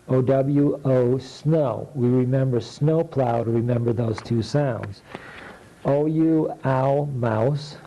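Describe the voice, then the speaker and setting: A man teaching phonics, slowly sounding out letters, keywords and blends and patiently explaining how to shape each sound. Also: medium pitch, dark tone, muffled recording. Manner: patient, deliberate, explains mouth positions. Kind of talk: slow instructional drill of letter sounds. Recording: faint background noise.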